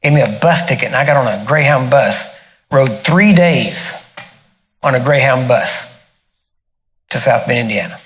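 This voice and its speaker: Man telling a lively personal testimony. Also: mid-range voice, normal speed, pauses often, slight background noise. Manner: animated storyteller, laughs often, acts out quoted voices. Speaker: minister sharing a testimony. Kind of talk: casual storytelling testimony.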